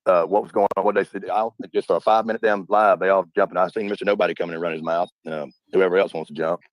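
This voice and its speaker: Male caller on a phone, very low voice, quick and rambling, dry sound. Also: steady tone, no echo, low-quality recording. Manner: rambling, halting, with many restarts. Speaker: caller on a livestream. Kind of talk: casual phone-in chat.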